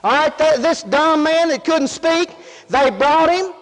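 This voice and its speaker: A man's voice: very high voice, unhurried, in a large hall, rough recording. A male preacher delivering a folksy, emphatic sermon, often asking the congregation questions.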